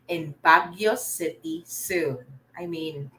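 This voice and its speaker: A woman's voice: on the high side, big pitch swings, takes it slowly, pushed and bright, faint music behind, poor audio. A woman teacher, teaching a live online reading lesson and praising students by name.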